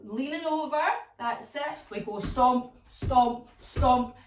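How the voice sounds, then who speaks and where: Sing-songy lady doing kids yoga story, bit high voice, echoey room, far from the mic. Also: takes it slowly, slight background noise. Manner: animated, sing-song, sound effects. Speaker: children's yoga teacher. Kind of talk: storytelling kids' yoga lesson.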